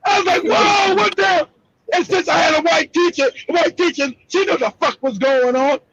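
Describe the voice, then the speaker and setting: Brief: male host, very high voice, loud profane shouting rants, muffled lo-fi sound. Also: brisk. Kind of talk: heated live broadcast talk.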